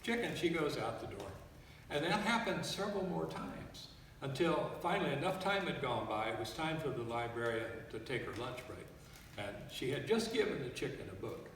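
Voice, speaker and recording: Brief: lively male joke teller, voice sounds distant in a roomy hall, faint hiss. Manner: animated storyteller, lively pitch. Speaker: folk musician telling jokes. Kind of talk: casual joke telling. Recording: echoey hall from far off, faint noise.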